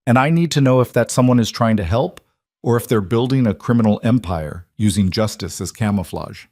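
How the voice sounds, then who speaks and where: A male narrator, using his own low voice, reads a weary, blunt female detective who presses her questions in measured, level tones, lightly acted. The tone is darkish, and the recording is dry and close-miked, with no echo or room sound.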